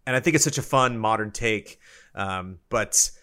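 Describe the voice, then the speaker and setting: A man's voice: on the low side, normal speed, clear, resonant tone. Rambling man in casual chat. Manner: rambling, animated, many fillers. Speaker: podcast co-host.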